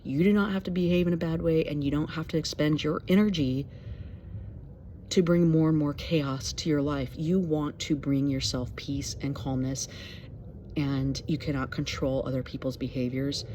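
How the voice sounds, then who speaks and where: A woman's voice: deep voice, fairly even intonation, normal speed, dark tone, a little hiss or hum. A middle-aged woman sharing a personal story in an earnest, reflective way, with many fillers, as a mental health advocate.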